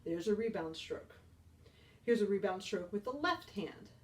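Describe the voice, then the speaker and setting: A woman's voice: mid-range voice, expressive, measured pace, recorded from a distance, heavy background noise. A woman band teacher giving a beginner percussion lesson, upbeat and encouraging, counting beats aloud.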